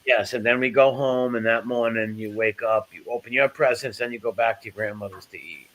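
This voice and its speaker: A man's voice: medium pitch, steady tone, a little fast, a bit bright, highs cut off. A man in casual chat, rambling through stories with lots of fillers and restarts.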